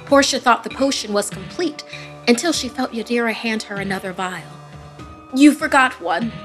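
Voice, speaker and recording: A woman giving scripted, dramatic narration of a horror story, dropping to a hush in tense moments. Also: fairly high pitch, brisk, faint music behind.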